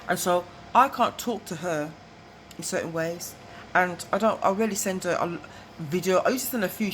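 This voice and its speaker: A woman's voice: fairly low pitch, slight background noise, low-quality recording. A middle-aged woman, telling rambling personal stories to camera, digressive and chatty, often asking "you know what I mean?". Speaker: vlogger.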